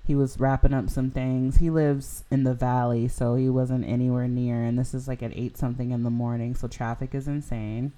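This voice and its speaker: A woman's voice: rumbling low, level tone, normal speed, hardly any pauses, mellow. A young woman hosting a podcast, telling a personal story in a casual, rambling way full of "like" and "you know". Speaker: podcast host.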